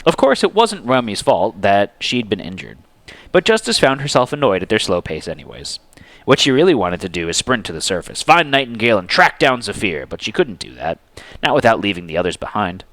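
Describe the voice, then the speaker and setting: A man narrating a fantasy story aloud in an expressive, animated dramatic reading. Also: lowish voice, fairly quick, no echo.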